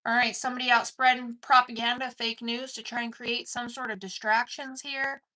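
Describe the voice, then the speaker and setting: A woman's voice: a little high, level tone, moderate pace, sharp tone. A woman giving an intense collective tarot reading, swearing casually and calling the listener "dude". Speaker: tarot card reader.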